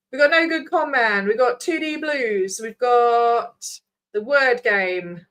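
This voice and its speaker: A woman's voice: fairly high pitch, takes it slowly, a bit bright. Chatty woman vlogger. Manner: chatty, scattered, swears freely. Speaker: vlogger host. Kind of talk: casual livestream sign-off.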